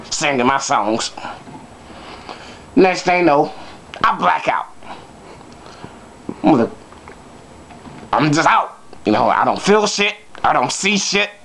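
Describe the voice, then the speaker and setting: A man's voice: on the high side, fairly bright tone, slight background noise. Brash, profane man telling a story. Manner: profane, brash, joking asides. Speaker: vlogger. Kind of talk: comic storytelling to camera.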